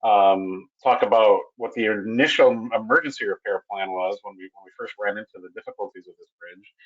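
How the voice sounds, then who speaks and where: A man presenting a technical webinar on a bridge repair, talking in a halting way with many restarts and fillers. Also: lowish voice, muffled recording.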